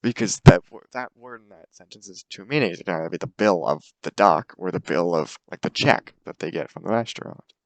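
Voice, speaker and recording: A man's voice: deep voice, lively intonation, a little fast, dry recording. A young man giving a casual, hesitant class presentation full of fillers. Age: young adult. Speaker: student presenter.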